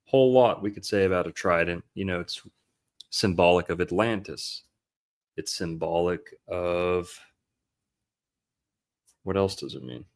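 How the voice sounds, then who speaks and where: A man's voice: deep voice, measured pace, long pauses. A man hosting a podcast, talking through a film in a loose, rambling and profane way. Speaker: podcast host. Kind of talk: casual film-analysis chat.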